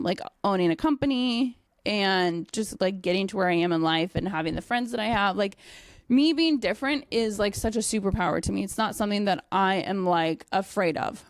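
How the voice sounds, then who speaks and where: A young woman and dog trainer telling a casual story, animated, with many fillers and frequent swearing. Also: mid-range voice, no echo, clean studio sound. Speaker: dog trainer and company owner.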